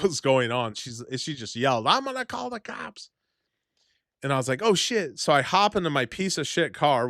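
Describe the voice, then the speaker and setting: Brief: man in his 30s, streamer, crude and lively storyteller, dry close sound. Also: mid-range voice, dry recording. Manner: profane, animated storytelling with sudden loud bursts. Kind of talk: casual storytelling to chat.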